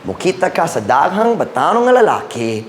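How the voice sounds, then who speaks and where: Animated preacher man in an echoey church. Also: fairly high pitch, a little fast. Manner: animated preaching that mixes English with Cebuano phrases. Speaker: pastor. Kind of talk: sermon. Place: church sanctuary. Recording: echoey church room with faint ambient noise.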